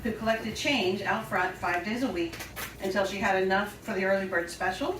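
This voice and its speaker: A woman's voice: medium pitch, normal speed. An older woman telling a personal story on stage in a chatty, self-deprecating way, often laughing. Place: small storytelling venue stage. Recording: roomy live stage sound, distant and noisy.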